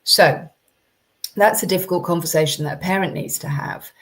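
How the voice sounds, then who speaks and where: A woman's voice: fairly low pitch, moderate pace. A woman coaching parents in a chatty live-streamed talk, with many ums and restarts.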